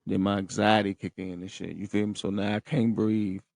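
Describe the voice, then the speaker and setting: A man's voice: fairly low pitch, level tone, brisk, gravelly, a little mellow, dry recording. A man hosting a podcast, telling listeners a story in slangy, profane casual talk and often checking in with them. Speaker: podcast host. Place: room in a rehab center.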